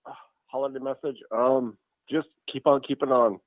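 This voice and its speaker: A man with a Minnesota accent calling in to a podcast, rambling and halting after a couple of drinks. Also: mid-range voice, fairly even intonation, no room sound. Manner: rambling, halting, a little tipsy. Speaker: caller. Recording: phone-line call.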